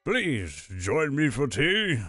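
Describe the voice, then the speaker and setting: A man's voice: medium pitch, sing-song, slow, fairly bright tone, breathy edge, no echo, faint music behind, full character voice. A man voicing a big, noble half-orc village leader in a Scottish movie-star impression, with a slight lisp and a gracious, welcoming manner.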